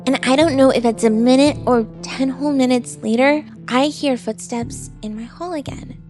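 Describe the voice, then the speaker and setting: A woman VTuber telling a true story in a casual, animated way, acting out what people said. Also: sits high, moderate pace, hardly any pauses, over music. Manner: animated, expressive retelling with quoted dialogue.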